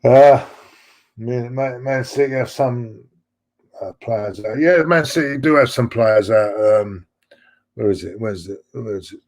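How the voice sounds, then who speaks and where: This middle-aged fan channel host talks slightly slowly, his mid-range voice carrying a darkish tone. He rambles and repeats himself while chatting with viewers and reading their messages on a live stream.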